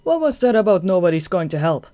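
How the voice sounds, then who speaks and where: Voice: mid-range voice, sing-song, normal speed, a little mellow, slightly rough, pitched above the performer's own voice. A narrator voicing a helpful young man, speaking lightly and eagerly in a fan audiobook. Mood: teasing.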